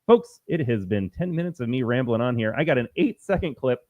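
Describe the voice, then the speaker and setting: Combative male political streamer, lively pitch. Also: brisk, no echo, muffled recording. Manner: combative, repetitive, emphatic. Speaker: host. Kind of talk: political commentary livestream.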